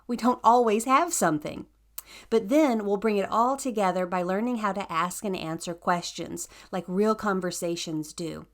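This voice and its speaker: A woman's voice: medium pitch, a bit bright. A woman narrating a scripted language lesson in an upbeat, encouraging way. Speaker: language teacher.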